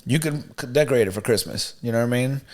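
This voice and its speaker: A man co-hosting a podcast, telling a story in a casual, animated, slangy way. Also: mid-range voice, fast talker. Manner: animated, slangy, "you know what I mean", "bro". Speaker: podcast co-host.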